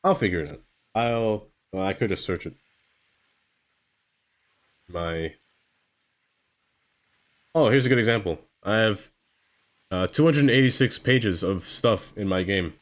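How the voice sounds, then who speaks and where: Streamer, male, very low pitch, loose rambling self-talk while gaming. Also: expressive, unhurried, pauses often. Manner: rambling, self-talking, trails off with fillers. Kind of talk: casual live-stream commentary while building.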